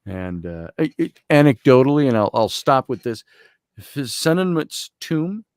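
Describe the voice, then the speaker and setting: Male guest storyteller, mid-pitched, animated, quotes others, dry close sound. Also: no echo. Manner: reads aloud slowly from a journal. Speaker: guest, Egyptologist. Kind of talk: storytelling in a conversation.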